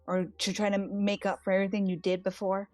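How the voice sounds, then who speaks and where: A woman's voice: medium pitch, monotone, fairly quick, darkish tone, no echo. A woman playing a tabletop role-playing game, describing her character's actions in loose, filler-heavy chat. Her voice sits mid-range and sounds dry and close. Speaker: player. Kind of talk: casual tabletop role-play.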